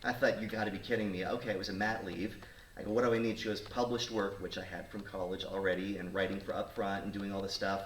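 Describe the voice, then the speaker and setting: Quick-paced and lowish in pitch, a man in his thirties who hosts talk radio tells a story casually to the studio audience, bringing quoted voices to life with animation. The audio is roomy and faintly noisy, captured from a distance.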